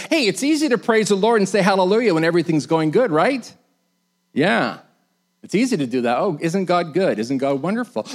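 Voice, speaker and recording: Animated male preacher. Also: on the high side. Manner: animated, rising to emphatic bursts; acts out the complaining crowd in quoted lines. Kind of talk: sermon.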